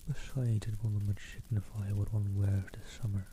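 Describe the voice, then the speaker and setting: A man reading aloud, softly voicing a giddy, boastful teenage girl. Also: fairly low pitch, flat delivery, normal speed, slight background noise, close to an everyday voice. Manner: soft, hushed reading voice.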